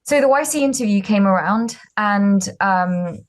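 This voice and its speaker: A woman's voice: medium pitch, animated, measured pace. Young woman founder, casual and candid, self-deprecating, lots of "um" and "like". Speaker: startup founder speaker. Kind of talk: casual storytelling talk.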